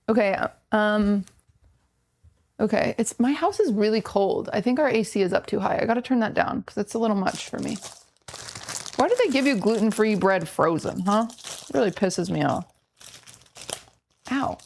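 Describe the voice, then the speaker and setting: A woman's voice: medium pitch, unhurried, creaky, pauses often, a little mellow. A woman streaming from home, chatting casually and pointing self-deprecating jokes at her chat while she moves around her kitchen.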